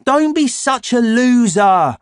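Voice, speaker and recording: A brash, whiny schoolboy voiced by a man, pitched high above his own voice with a loud, pushy edge. It is an audiobook character, recorded close and dry with no room sound. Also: expressive, normal speed, no echo. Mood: whiny, excited.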